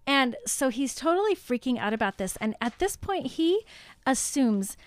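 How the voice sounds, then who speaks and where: A woman's voice: high-pitched, expressive, moderate pace, no echo. A young woman co-hosting a podcast, recapping a book chapter in casual chat with lots of giggles and "like". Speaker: podcast co-host.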